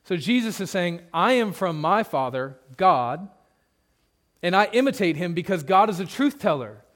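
Conversational, higher-voiced male pastor preaching. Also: sing-song, normal speed, a bit bright. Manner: conversational preaching with humorous asides; repeats points for emphasis. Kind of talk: expository sermon.

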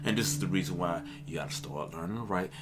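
An aspiring stand-up comedian talks fast in a deep voice on a casual podcast, earnest and motivational, often saying "let me tell you."

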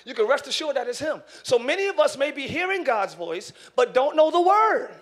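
A man pastor preaching a sermon in church, animated, acting out voices and shouting for emphasis. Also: extremely high pitch, brisk. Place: church sanctuary.

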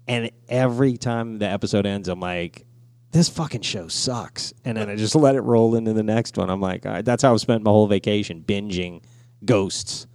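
A man's voice: fairly low pitch, fairly quick, a little mellow, dry recording. A man hosting a podcast in casual chat, rambling, swearing freely and laughing often. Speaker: podcast host.

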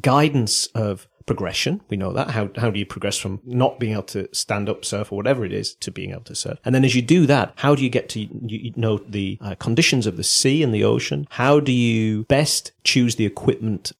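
A man's voice: fairly low pitch, a little fast, hardly any pauses. A man co-hosting a podcast, reflecting in a casual chat with stammered restarts. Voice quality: gravelly, husky. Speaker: podcast co-host.

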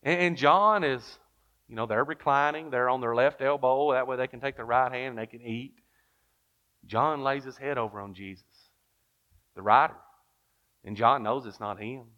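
A man's voice: mid-range voice, moderate pace, long pauses, pushed and bright, muffled recording. A man preaching a sermon, telling the story with lots of rhetorical questions and reading King James verses aloud.

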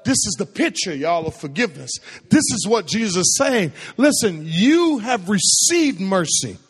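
This preacher's voice sits high and sounds slightly rough, very animated at an ordinary pace. He's giving a sermon in a church sanctuary, trading call-and-response with the congregation and repeating phrases for emphasis, all captured in a reverberant, echoey hall.

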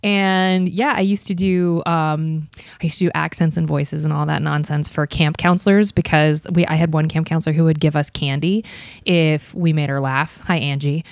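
A woman's voice: low voice, steady tone, moderate pace. A young woman from Ohio chatting as an interview guest, self-deprecating and full of fillers. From Ohio, USA. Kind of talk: casual interview chat.

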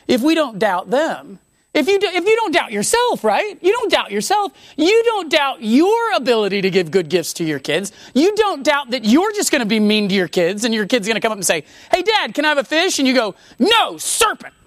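A woman preaching a conversational sermon on scripture, animated, restarting her sentences and breaking off mid-thought. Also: fairly high pitch, brisk, no echo. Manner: animated, conversational, with many restarts and self-interruptions.

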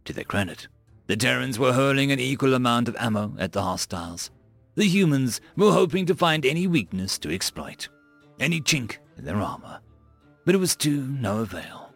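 Gravelly, expressive male audiobook narrator. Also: mid-range voice, normal speed, no room sound. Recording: dry close mic with faint music.

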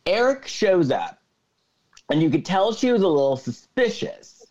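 Male podcast co-host, animated storyteller, muffled lo-fi call audio. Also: high voice, measured pace. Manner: retells scenes with quoted lines. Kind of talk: casual movie recap chat. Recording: dull lo-fi sound.

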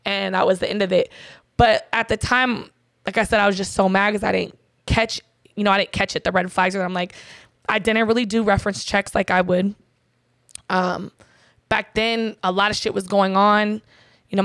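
A woman's voice: medium pitch, creaky, fairly bright tone, dry recording, studio quality. A woman in an interview, candidly telling a personal story in blunt, profane talk full of fillers. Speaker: interview guest.

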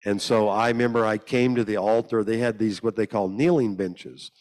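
A man preaching in a church hall with a slightly low voice. He tells his stories with humour and mimics the people in them. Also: fairly even intonation, normal speed, darkish tone. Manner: humorous, acts out the people he quotes in higher voices. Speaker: guest preacher. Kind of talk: storytelling sermon.

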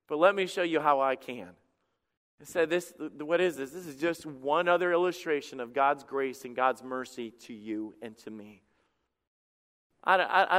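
A man preaching a sermon as pastor, impassioned, swinging from loud outbursts to hushed lines. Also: medium pitch, clear, resonant tone. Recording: long hall reverb.

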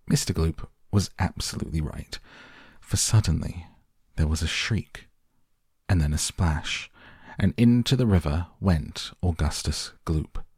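A man narrating a children's story aloud in a measured, expressive storytelling manner, close to the mic. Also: deep voice, slightly rough, no echo. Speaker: audiobook narrator.

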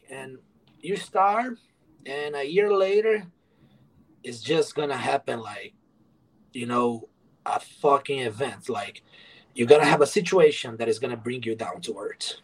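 In poor audio, a man with a mid-range voice talks a little slowly, pausing often. Having moved to the USA from abroad, he shares his story candidly as a podcast guest, cursing freely and acting out earlier dialogue.

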